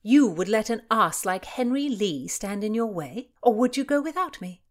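A woman's voice: a little high, sing-song, moderate pace, voice pushed up. A woman reading aloud and voicing a bold, saucy young merchant's daughter with a playful, teasing manner.

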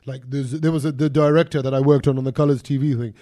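A man co-hosting a podcast in casual chat, animated and playful, slipping into voices of other accents. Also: medium pitch, fast talker. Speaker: podcast co-host.

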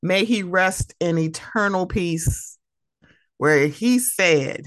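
A woman hosting her own podcast in a casual, animated, emotional way, laughing often. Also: fairly low pitch, slow pace, no echo, clean studio sound. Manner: animated, laughing, emotional, mimics friends' voices. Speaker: podcast host. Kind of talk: casual solo podcast talk.

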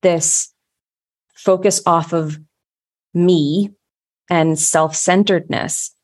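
A woman hosting a casual talk, telling a story from the heart. Her voice sits somewhat low, and she circles back and restarts her sentences as she goes. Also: steady tone, drawn-out words. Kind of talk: casual conversation.

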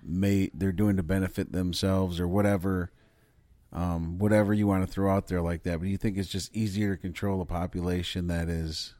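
A man's voice: sits low, level tone, normal speed, warm tone, no room sound. A man hosting a podcast, talking in a loose, profane, rambling casual chat. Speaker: podcast host.

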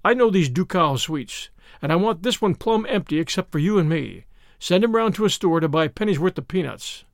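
A man's voice: sits high, lively intonation, brisk, gravelly, few pauses, dry recording. A man reading aloud, voicing a brash young American millionaire who talks dryly. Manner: dry, drawling.

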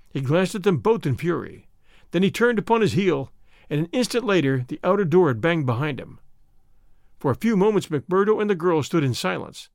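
Expressive high-voiced male narrator. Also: normal speed, gravelly, no echo, clean studio sound. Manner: expressive, dramatic reading. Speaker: audiobook narrator. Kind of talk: scripted narration.

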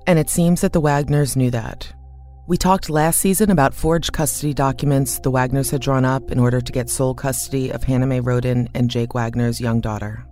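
A man hosting a podcast, reading scripted narration in a measured, even way. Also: medium pitch, faint music behind. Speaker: podcast host.

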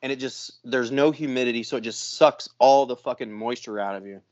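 A man hosting a podcast, telling a long story in a casual, profane, animated way. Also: medium pitch, brisk, muffled recording. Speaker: podcast host.

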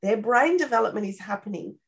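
A woman with a slightly high-pitched voice talks through parenting ideas in a relaxed interview. She is animated and often ends her points with a quick "right?" to check in with the listener. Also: creaky. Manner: animated, acts out parent-child dialogue; frequent tag questions. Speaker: parenting expert guest. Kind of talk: casual interview explanation.

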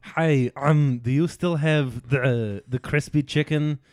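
A man putting on a brusque, foul-mouthed tough guy with a heavy Austrian accent, pitched a little high for a man. He barks his orders and shouts impatient demands in an improvised comedy sketch. The sound is close and dry. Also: fairly even intonation, unhurried, no echo, lightly acted. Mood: demanding. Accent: put-on Austrian. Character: gruff impatient foul-mouthed middle-aged male celebrity ordering fast food.

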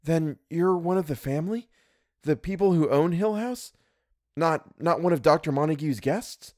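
A shy, nervous young woman voiced by a man reading aloud speaks hesitantly and earnestly, pitched well above his usual voice. The sound is dry and close. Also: big pitch swings, a little fast, dark tone, dry recording.

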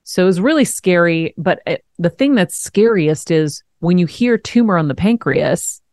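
A woman in her forties hosting a podcast, telling a personal story in a frank, animated way, laughing now and then. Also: fairly low pitch, normal speed, no echo. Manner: frank, animated, swears and laughs while telling hard news. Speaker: host. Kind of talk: candid conversational storytelling.

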